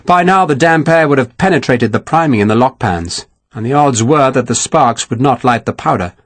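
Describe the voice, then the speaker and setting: Expressive man reading an audiobook. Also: medium pitch, normal speed, no room sound. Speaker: audiobook narrator. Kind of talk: scripted narration.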